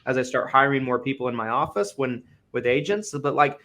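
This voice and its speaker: A man's voice: mid-range voice, animated, fairly quick, sharp tone. A man hosting a casual podcast conversation, earnest and restarting phrases as he thinks aloud. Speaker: host.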